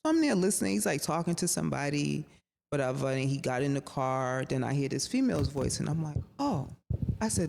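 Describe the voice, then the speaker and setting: Here a woman's voice sits low and creaky, moving at a normal speed. As a guest on a podcast, she relates a personal story in casual, slangy, profane language, animatedly voicing the characters. The audio carries reverberation and faint noise.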